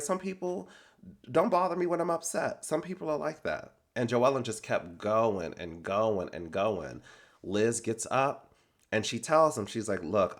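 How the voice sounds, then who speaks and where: A man giving a casual reality TV recap in an animated, sassy, slangy way. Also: medium pitch.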